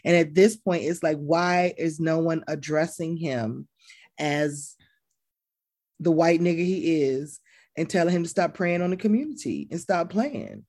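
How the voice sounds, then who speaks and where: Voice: mid-range voice, lively intonation, a little slow, darkish tone. A co-host of a casual gossip podcast, giving blunt, opinionated commentary.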